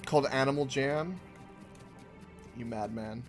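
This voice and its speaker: A man's voice: mid-range voice, unhurried, music in the background. A man streaming a game, chatting casually and rambling with lots of restarts and laughs. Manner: rambling, full of likes and restarts, laughs often. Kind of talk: casual live-stream chat while gaming.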